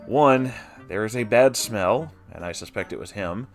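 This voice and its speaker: A man's voice: on the low side, expressive, unhurried, faint music behind. A man reading a first-person story aloud, breaking in with wry, swearing side comments. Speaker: story reader.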